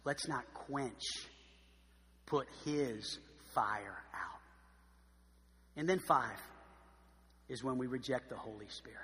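A man preaching a sermon as pastor, emphatic and swinging from quiet, slow stress to loud emphasis. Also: mid-range voice, big-room sound.

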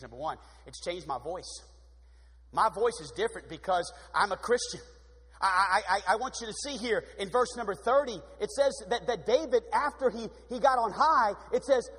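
A man preaching a sermon in an energetic, exuberant way, with sudden swings in pitch. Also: breathy edge. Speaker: pastor. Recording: long hall reverb.

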